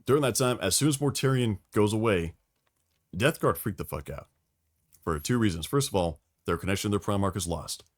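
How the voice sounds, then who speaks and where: A man talks through lore on a casual podcast, swearing freely and acting out quotes as he tells the story. His voice sits a little low. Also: a little fast. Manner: profane, animated storytelling with acted quotes. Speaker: podcast host explaining lore.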